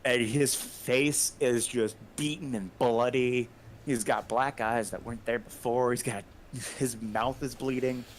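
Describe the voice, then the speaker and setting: Male game master, mid-pitched, loose and descriptive, narrates a tabletop game. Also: steady tone, unhurried, slight background noise. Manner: loose, descriptive, chuckling storyteller.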